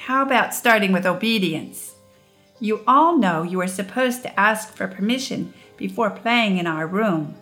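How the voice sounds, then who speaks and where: A woman reading a stern but patient mother in a storybook, firm and commanding. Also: medium pitch. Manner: firm, commanding, loud calls.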